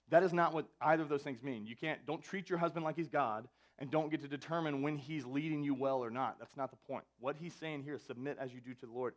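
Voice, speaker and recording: A young man preaching a live sermon to students, in a conversational way with self-interruptions and joking asides. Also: medium pitch. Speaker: student ministry pastor. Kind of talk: sermon to youth, anecdotal. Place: church venue, live service.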